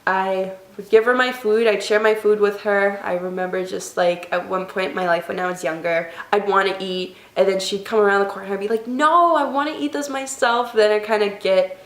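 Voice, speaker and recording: A young woman talks straight to her camera in a personal vlog, her voice emotional and tearful, often soft and halting. Her voice sits at a middle pitch. The room around her is echoey. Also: level tone. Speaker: vlogger.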